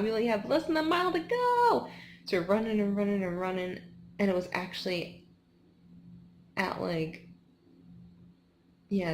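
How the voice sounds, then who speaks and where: A woman's voice: lowish voice, vocal fry, a little hiss or hum. A woman in her twenties chatting casually in a vlog after a race, tired and rambling with lots of "like" and restarts. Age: 20s. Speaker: vlogger.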